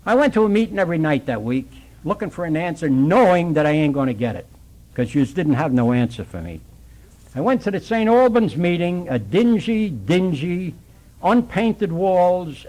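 A man's voice: fairly high pitch, darkish tone, poor audio. Older New man telling a story. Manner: plainspoken, working-class storyteller acting out dialogue. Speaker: recovering alcoholic sharing his story. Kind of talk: storytelling at a recovery meeting.

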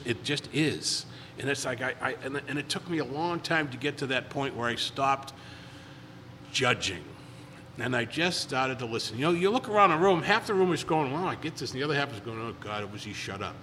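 A man's voice: mid-range voice, lively intonation, fairly quick, sharp tone, in a large hall, slight background noise. A man in recovery telling stories at a meeting, rambling and repeating words as he acts out quotes in a casual way. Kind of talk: casual storytelling talk.

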